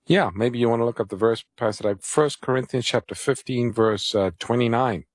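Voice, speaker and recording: A man's voice: medium pitch, a little fast, dry recording, clean studio sound. A man co-hosting a call-in Bible radio show, explaining scripture, giving phone numbers and introducing callers. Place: radio studio.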